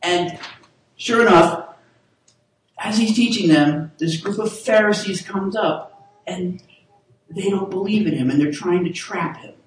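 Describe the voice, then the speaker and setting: A man preaching a sermon in a casual, halting way with many restarts, leading his listeners in call-and-response. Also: sits high, slight background noise. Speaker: pastor. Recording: echoey hall, voice from far off.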